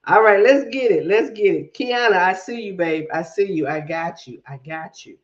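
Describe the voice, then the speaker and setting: A woman's voice: fairly low pitch, normal speed, muffled recording. A woman with a mix of Southern drawl and Brooklyn accent hosting a casual livestream, greeting viewers by name and talking herself through tech fixes. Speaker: livestream host.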